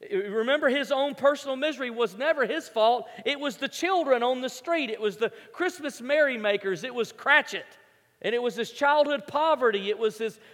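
A man's voice: very high-pitched, normal speed, fairly bright tone, long reverb tail. A male pastor preaching a sermon in a conversational, storytelling manner.

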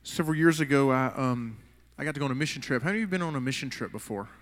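Speaking very fast at a medium pitch, an American man delivers a casual sermon in a church, wandering through a story and restarting sentences. He's a pastor, and the recording carries long hall reverb.

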